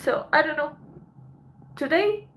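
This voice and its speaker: A woman hosting a livestream, talking in a halting, emotional way with lots of swearing and a voice that breaks with tears. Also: sits high, background noise. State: tearful. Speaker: livestream host. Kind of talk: emotional casual livestream chat.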